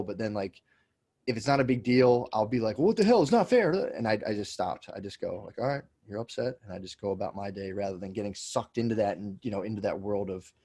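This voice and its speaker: Male podcast guest, comedian, low-ish voice, talks fast and rambly, lots of restarts and cussing. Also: darkish tone. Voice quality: swears freely, rambling with many restarts. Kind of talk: casual chat.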